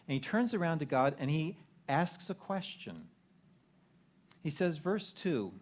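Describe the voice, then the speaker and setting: Male pastor, slightly high voice, preaches conversationally, poses questions to the congregation. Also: sing-song, moderate pace. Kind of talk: sermon.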